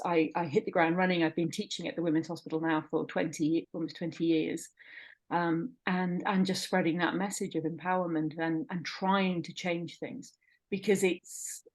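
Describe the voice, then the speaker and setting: Middle-aged woman, midwife guest, lowish voice, emphatic and impassioned, repeats for stress. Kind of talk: conversational interview.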